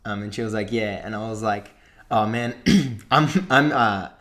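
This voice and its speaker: A man's voice: on the low side, measured pace, fairly bright tone. A young Australian man, a podcast co-host, telling a long story in casual chat and swearing freely along the way.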